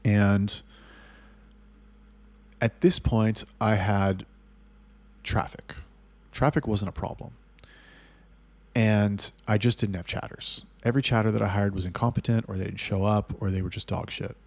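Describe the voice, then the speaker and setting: A man telling a business story in a casual monologue, blunt and full of swearing, getting loud and heated as he retells arguments. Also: on the low side, steady tone, unhurried, creaky, pauses often, no room sound. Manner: blunt, heavily profane storytelling. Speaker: agency owner telling business stories.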